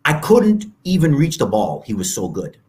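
A man's voice: medium pitch, wildly swooping pitch, normal speed, a little mellow. A man in his fifties, a podcast guest, telling stories and acting out quoted people in raised voices. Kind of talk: storytelling interview talk.

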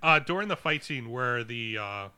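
A man's voice: mid-range voice, lively intonation, moderate pace, a crowd in the background. A man co-hosting a casual movie review podcast, sharing behind-the-scenes trivia and quizzing his friends. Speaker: podcast co-host.

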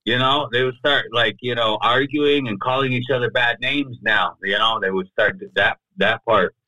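A man's voice: medium pitch, fairly even intonation, moderate pace, sharp tone, no echo, poor audio. A man, a podcast guest, tells a personal story in loose, talky speech, often leaning on "you know" and "right?". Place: podcast studio.

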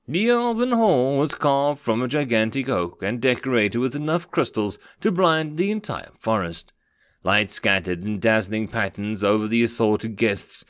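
A man narrating a fantasy story aloud, expressive in his storytelling. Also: mid-range voice, measured pace, no echo, studio quality.

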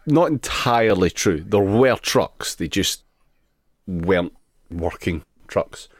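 A man hosting a podcast in a very deep voice, presenting news stories with dry, deadpan humor. His pitch moves lively through each line, and the sound is close and dry with no room around it. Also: slow, no echo. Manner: dry, deadpan, laughs often. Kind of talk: casual news banter.

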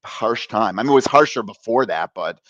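Animated middle-aged man telling a story. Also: on the low side, brisk, no room sound, dull audio. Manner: animated, laughing storyteller who acts out voices. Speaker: guest. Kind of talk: personal storytelling on a talk show.

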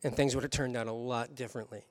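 A man giving a sermon as a pastor, telling a personal story with animated delivery and chuckles along the way. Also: medium pitch, fast.

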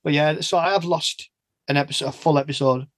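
A man's voice: fairly high pitch, fairly even intonation, a little fast, no echo. A man chatting casually as a podcast host, laughing often and restarting his sentences. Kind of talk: casual chat.

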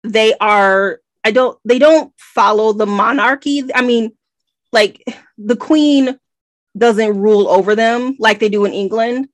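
An American woman co-hosting a casual book-club podcast, animated and nitpicky with lots of rambling asides. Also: fairly high pitch, measured pace, no room sound. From United States. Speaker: podcast co-host.

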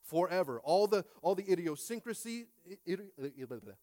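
A man in his late thirties preaching with a fairly high voice. He swings between hushed lines and loud, emphatic bursts, often repeating phrases for weight. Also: expressive, fairly quick, no room sound. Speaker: pastor. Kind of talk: sermon.

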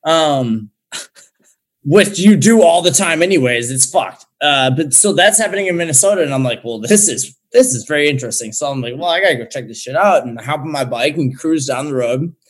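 A young man telling a story in casual chat, swearing a lot and talking in an animated way. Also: a little high, brisk. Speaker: guest.

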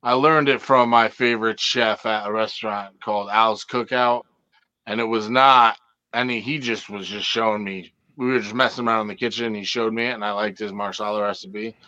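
Man, head chef, easygoing rambling chat, bright forceful voice, dry close sound. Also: on the low side, fairly even intonation, fairly quick, dry recording, highs cut off. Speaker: head chef, panel member. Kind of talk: casual podcast banter.

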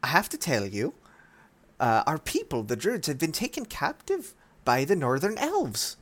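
A man voicing an excitable young woman druid who asks for help. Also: fairly high pitch, moderate pace. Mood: urgent.

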